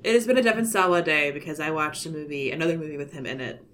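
Co-hosting a podcast, this Baltimore-accented woman from Maryland, USA, in her thirties, talks in a rapid-fire way. Her voice is low with a fairly bright tone, and the casual conversation wanders, packed with fillers and restarts.

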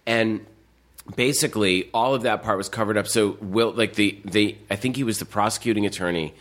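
A man with a fairly low voice telling anecdotes in a relaxed conversation. He rambles from one detail to the next, and his sentences are full of fillers and restarts. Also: brisk. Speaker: podcast co-host telling stories. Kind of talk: casual chat.

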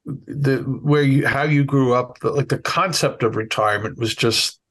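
A man's voice: mid-range voice, fairly even intonation, normal speed, a bit bright. A man cohosting a podcast who asks questions in a hesitant, stumbling way during casual conversation.

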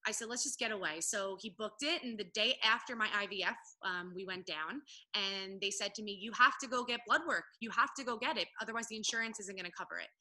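Woman guest on a podcast, very bright voice, chatty storyteller who does all the voices. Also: medium pitch, rough recording. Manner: lively storyteller who acts out quoted voices. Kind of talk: storytelling in a casual interview.

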